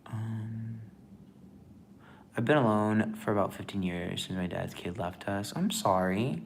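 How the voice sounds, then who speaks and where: A man's voice: lowish voice, fairly even intonation, a little slow, creaky, slight background noise. A man chatting casually on a livestream as a tarot reader, rambling with lots of fillers.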